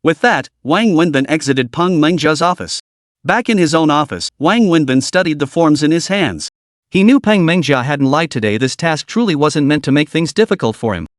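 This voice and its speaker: A man narrating a comic recap story in a steady, dramatic storytelling manner. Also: fairly high pitch, normal speed, no room sound, studio quality.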